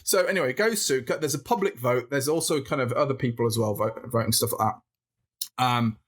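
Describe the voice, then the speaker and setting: A man from the north of England talks in a loose, chatty way, as a guest on a podcast. He tells his story in a rambling, animated manner, with many restarts and laughs. His voice sits at a middle pitch. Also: a little fast. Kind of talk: casual storytelling chat.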